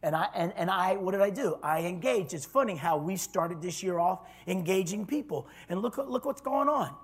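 A man preaching a sermon as pastor, telling a story and swinging from loud declarations to hushed tones. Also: sits high, animated, normal speed, slightly rough.

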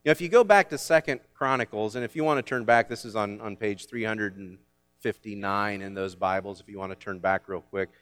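A man preaching a sermon as pastor, swinging from loud commands down to quiet asides. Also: fairly low pitch, fairly quick.

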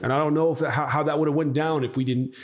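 A man's voice: on the high side, quick pace. A man telling a story in a casual podcast interview, swearing freely and acting out what people said. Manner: animated storyteller, swears freely, acts out quotes. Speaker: podcast guest, company founder.

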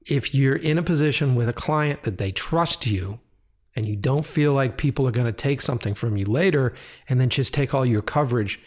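Excitable, profane man rambling about editing. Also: medium pitch. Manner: animated, profane, excitable, acts out his own reactions. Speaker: video editor and director. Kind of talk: casual rambling monologue.

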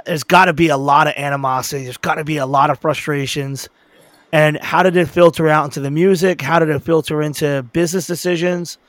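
Halting male interviewer, dry sound. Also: fairly high pitch, fairly even intonation, dry recording. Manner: long, halting questions. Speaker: interviewer, host. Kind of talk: casual interview.

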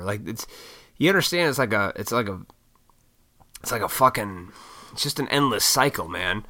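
A man from Illinois ranting in a casual solo monologue, blunt and profane, with mocking high-pitched put-on voices. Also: expressive, normal speed, pauses often, pushed and bright. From Illinois, USA. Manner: works in restaurants.

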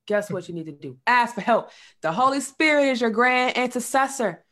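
A woman's voice: mid-range voice, brisk, a bit bright. A woman guest on a podcast, talking earnestly about faith and personal work, with casual slang. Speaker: podcast guest, sexual health coach. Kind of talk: casual spiritual chat.

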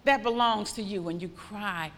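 A woman preaching a sermon with fervent, repetitive declarations that rise into loud praise. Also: medium pitch, normal speed, big-room sound.

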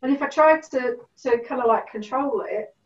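A middle-aged woman telling stories in a casual chat, animated, acting out what people said. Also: sits high, normal speed. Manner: animated storyteller, acts out quotes. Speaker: guest. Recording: distant, roomy, dull sound.

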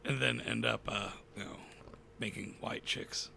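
A man's voice: on the low side, steady tone, measured pace, gravelly, pushed and bright, breathy edge. A man co-hosting a casual podcast chat with a dry, sarcastic delivery. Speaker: podcast co-host.

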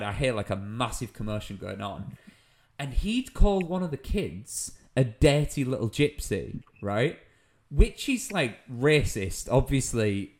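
A young British man, a comedian, telling a funny anecdote in casual chat, laughing as he goes. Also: mid-range voice. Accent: British English. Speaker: comedian guest.

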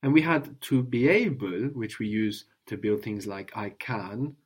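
A man's voice: on the low side, a little slow, breathy edge. Patient male tutor running a guided lesson, prompts and recaps, frequent "no?" check-ins. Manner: patient, often ends with a questioning "no?". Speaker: language teacher.

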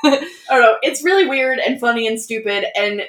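A woman co-hosting a podcast in casual chat, relaxed and explaining with fillers. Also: fairly high pitch, a little fast. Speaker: podcast co-host. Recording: echoey room.

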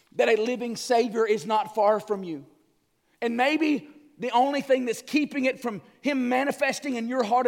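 A man preaching an Easter sermon, impassioned, swinging from near-shouts to hushed, quiet lines. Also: very high-pitched, big-room sound. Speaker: pastor.

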